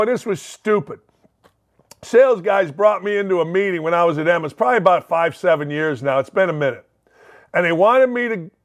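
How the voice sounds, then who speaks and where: An older man with a Northwest Indiana, Chicagoland accent, hosting a sports talk show in a blunt, rambling monologue full of folksy asides. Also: sits high. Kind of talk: opinionated monologue.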